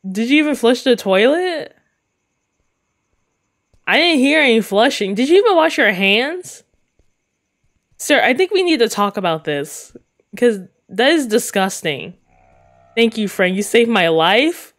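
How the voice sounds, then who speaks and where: A woman's voice: fairly high pitch, sing-song, unhurried, pauses often. A woman giving let's play commentary on a game, giggly, often breaking into laughter and exclaiming in disgust. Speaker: gaming video creator.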